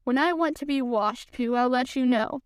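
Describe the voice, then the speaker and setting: A woman's voice: sits high, moderate pace, smooth, no room sound, natural voice. A woman reading a storybook aloud, voicing a gloomy, coldly sarcastic old male donkey. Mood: sardonic.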